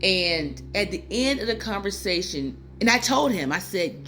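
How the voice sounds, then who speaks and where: A woman's voice: medium pitch, big pitch swings, normal speed, fairly bright tone, a little hiss or hum. A woman in her fifties speaking into her phone in a rambling, personal way, near tears, full of fillers and asides. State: tearful, near crying. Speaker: spiritual channel host. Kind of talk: casual spiritual talk to viewers.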